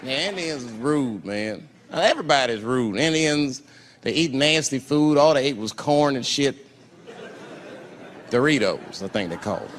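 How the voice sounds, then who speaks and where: A man's voice: mid-range voice, lively intonation, unhurried, crowd noise. A male stand-up comedian telling a profane story in a swaggering way on a large live stage. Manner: profane, swaggering, jumps between loud and quiet. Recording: live stage with long reverb and audience noise.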